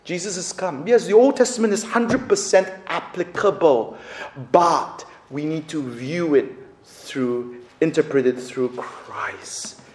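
Male pastor, high voice, animated storytelling sermon, echoey room. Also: takes it slowly. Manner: animated, big swings from loud to hushed.

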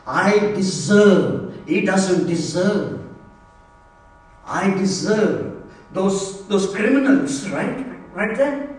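A man preaching a Good Friday sermon, emphatic and repetitive, dropping to a hush for key lines. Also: high voice, lively intonation, slow pace. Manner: emphatic, repeats key phrases, drops to hushed tones. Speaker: pastor. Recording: roomy church sound from a distance.

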